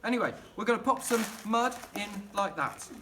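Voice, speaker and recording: A man's voice: high voice, animated, moderate pace, noisy background. A middle-aged man chatting and rambling enthusiastically while demonstrating gardening at home in his kitchen. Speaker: gardening vlogger.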